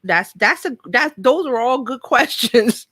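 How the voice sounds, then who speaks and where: A woman's voice: a little high, lively intonation, unhurried, fairly bright tone, husky, dry recording. A woman from New York hosting a casual live show, chatting and reading out viewer comments. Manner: chatty, thinks aloud, reads viewer comments. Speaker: host.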